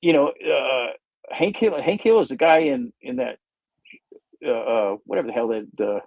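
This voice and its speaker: A man's voice: mid-range voice, very animated, moderate pace, no echo, dull audio. A man hosting a livestream, painting while he chats in a rambling, self-interrupting, jokey way. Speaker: livestream host painting models. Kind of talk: casual rambling chat.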